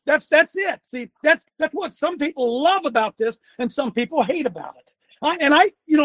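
An older man hosting a talk show as a former coach, venting and scolding his audience with bursts of shouting. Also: very high-pitched, very animated, moderate pace, vocal fry, slightly rough. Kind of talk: ranting commentary.

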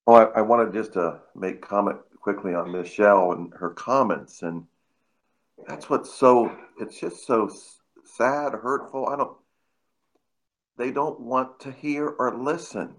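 A man calling in to a talk show, commenting haltingly and stumbling over his words. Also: medium pitch, poor audio.

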